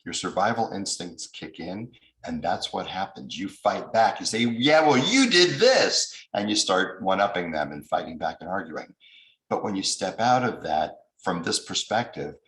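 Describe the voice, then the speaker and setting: A man's voice: sits low, moderate pace, a bit bright, echoey room, rough recording. An American man giving a recorded lecture as a mediation trainer, explaining with examples and acting out angry voices he quotes.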